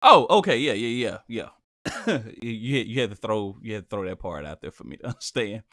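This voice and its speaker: A man's voice: on the low side, very animated, brisk, fairly bright tone, no room sound, studio quality. A man hosting a casual chat about video games. He talks in a laid-back way, gets emphatic when he praises a game and swears casually.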